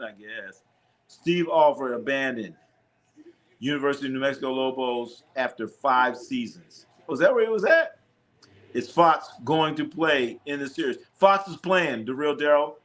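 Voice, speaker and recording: Medium-pitched and a bit bright, the streamer hosts a live basketball watch party, calling plays casually. He reads questions from chat and jokes with viewers, often repeating himself along the way.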